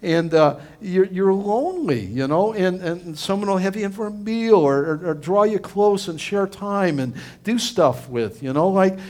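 A man's voice: high-pitched, animated, moderate pace, few pauses, darkish tone. A middle-aged male pastor giving a conversational sermon, earnest and rambling, with frequent restarts and fillers.

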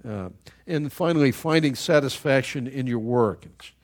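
An older man preaching a sermon as pastor, animated, with chatty asides to the congregation and frequent repeated words. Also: mid-range voice, moderate pace.

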